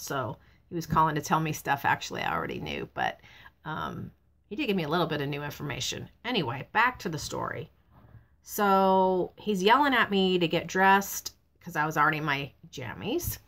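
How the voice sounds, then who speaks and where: Chatty middle-aged woman, low voice. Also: gravelly, pushed and bright. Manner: chatty storytelling, acts out quoted voices. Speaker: vlogger. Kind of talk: casual personal vlog. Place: truck stop, outdoors.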